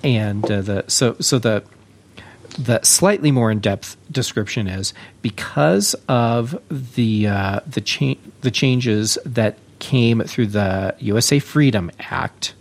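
A man hosts a daily tech podcast in a relaxed, conversational way. He chats easily and pauses often with small fillers, his voice mid-pitched and plain. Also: vocal fry. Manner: relaxed, chatty, frequent uh fillers. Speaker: podcast host. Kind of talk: casual tech podcast talk.

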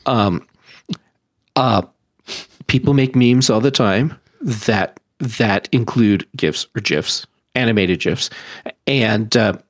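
A man co-hosting a podcast, chatting casually and explaining his points in a measured way. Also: on the low side, no room sound, studio quality. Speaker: podcast co-host.

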